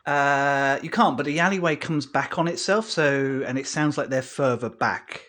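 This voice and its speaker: A man narrating as game master of a tabletop game, unhurried and dotted with hesitant fillers. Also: medium pitch, fairly bright tone.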